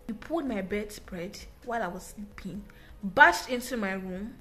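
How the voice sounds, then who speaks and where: A young woman, an English teacher, telling a personal story in a casual, animated, emphatic way with frequent restarts. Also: medium pitch, moderate pace, faint music behind.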